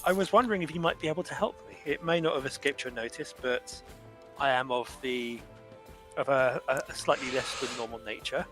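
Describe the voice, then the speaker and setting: A man's voice: mid-range voice, a bit bright, soft background music, close to an everyday voice. A man voicing an ancient male warforged construct who speaks in a formal, roundabout way. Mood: courteous. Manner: formal, measured, politely roundabout.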